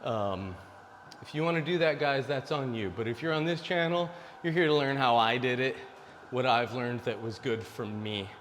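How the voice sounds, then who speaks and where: A man's voice: mid-range voice, normal speed, fairly bright tone, big-room sound, a little hiss or hum. A man in his forties giving blunt dating advice to male viewers in a casual, preachy monologue. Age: 40s. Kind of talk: casual direct-to-camera monologue.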